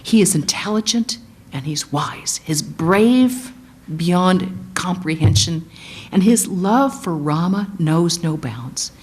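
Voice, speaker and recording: A woman's voice: lowish voice, slow. Woman retelling an epic in a sermon. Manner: animated storytelling, acts out quotes. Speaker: guest speaker, monastic.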